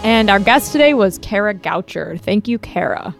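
A playful woman co-hosting a podcast, joking around and laughing in casual chat. Her voice sits at a middle pitch, with faint music underneath. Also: lively intonation, normal speed, gravelly. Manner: playful, laughs often, jokey. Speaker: podcast co-host and producer.

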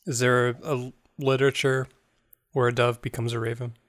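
A man's voice: mid-range voice, little pitch movement, normal speed. Dry-joking man on a podcast. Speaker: podcast co-host. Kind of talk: casual podcast chat.

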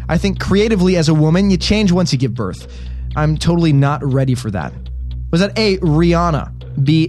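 A man hosting a casual live web show, chatting and reading quiz questions in an animated way. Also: fairly high pitch. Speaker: host.

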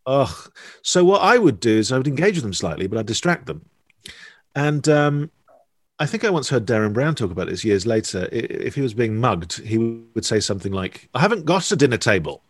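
A man's voice: medium pitch, expressive, moderate pace, dry recording, studio quality. A man telling stories in a rambling, playful podcast chat. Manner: rambling, chatty storyteller with fillers and playful asides. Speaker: podcast guest. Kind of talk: casual conversation.

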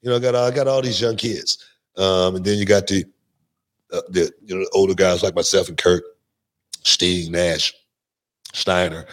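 A middle-aged man, a guest on a podcast, telling stories in a lively way and often repeating his words. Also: sits low. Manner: animated storyteller, repeats words, quick restarts. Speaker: guest, former wrestler. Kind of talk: casual podcast interview storytelling.

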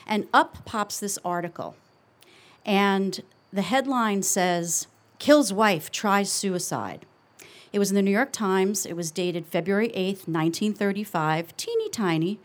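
A middle-aged woman telling a personal story on stage, earnest and confessional, slowing down with reflective pauses. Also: medium pitch. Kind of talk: live storytelling.

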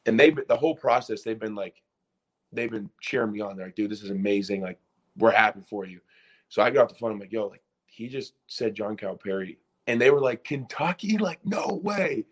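Excitable young man telling a story. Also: lowish voice, a little fast. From Pennsylvania. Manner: excited, rambling, full of restarts and acted-out quotes. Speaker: former college basketball player, guest. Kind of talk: casual storytelling in a podcast interview.

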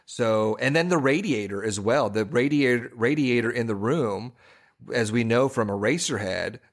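A man's voice: medium pitch, animated, moderate pace. A man co-hosting a podcast in casual chat, rambling with frequent restarts and fillers. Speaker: podcast co-host.

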